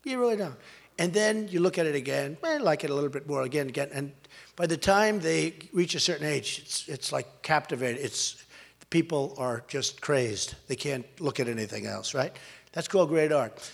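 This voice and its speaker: A man's voice: fairly high pitch, animated, moderate pace, vocal fry. An older man giving a campaign rally speech in a large school hall, talking in an emphatic, repetitive and rambling way. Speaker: political candidate.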